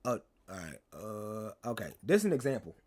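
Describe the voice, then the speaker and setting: A man's voice: lowish voice, sing-song, moderate pace, a little mellow. A young man, telling a rambling, slangy story to his stream chat and teasing viewers. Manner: rambling, slangy, repeats himself, teases chat.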